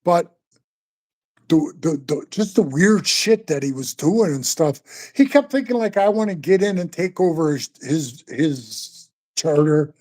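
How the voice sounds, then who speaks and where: Older man, dark mellow tone, loose profane storytelling, calls everyone bro. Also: a little high, lively intonation, measured pace. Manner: rambling, profane, keeps calling the listener bro. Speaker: interview guest, former biker club member. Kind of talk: casual storytelling interview.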